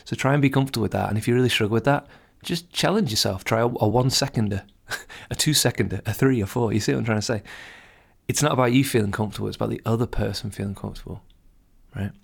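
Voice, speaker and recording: A man's voice: fairly low pitch, quick pace, creaky, slightly rough. A man hosting a podcast, giving earnest, encouraging advice straight to the listener in a casual monologue. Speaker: podcast host.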